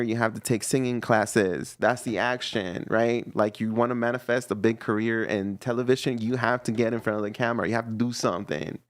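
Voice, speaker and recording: A man giving a casual tarot reading to camera, animated and teasing, often laughing and acting out little voices. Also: mid-range voice, no room sound. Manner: teasing, playfully scolding. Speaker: tarot reader.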